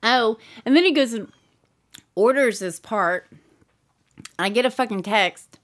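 A woman's voice: medium pitch, a little slow. A middle-aged mother chatting casually, telling a story with lots of acted-out quotes and frequent swearing. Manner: animated storyteller acting out quotes, swears often. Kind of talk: casual podcast chat.

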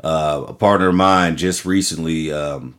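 A man's voice: rumbling low, fairly even intonation, a little slow, a bit bright. A man co-hosting a podcast in casual, profane chat, often laughing as he talks. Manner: profane, laughing, loose storytelling. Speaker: podcast co-host.

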